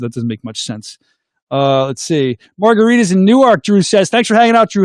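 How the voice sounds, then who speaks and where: A middle-aged man, hosting a casual call-in show, goofy and excitable, making silly sound effects. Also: on the high side, brisk, no echo, clean studio sound. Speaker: host of a call-in livestream show.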